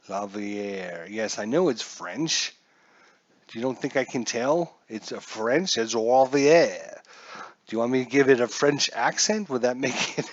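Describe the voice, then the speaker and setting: Slow, jokey man narrating a dice game. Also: mid-range voice, dry recording, highs cut off. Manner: chatty, jokey, talks to himself while checking charts. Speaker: tabletop dice baseball player and narrator. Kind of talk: casual play-by-play of a solo dice game.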